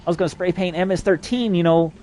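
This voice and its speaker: Man, rapid-fire profane storyteller, slightly high voice, faint noise under the recording. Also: mellow. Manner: profane, rambling, fast-talking. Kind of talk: rambling personal storytelling.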